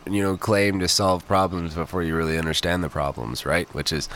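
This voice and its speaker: A man's voice: low-pitched, steady tone, fairly quick, fairly bright tone, a little hiss or hum. A man with a stuffy nose, a developer being interviewed, explaining technical things eagerly with many fillers. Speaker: guest, software developer. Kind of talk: casual interview chat.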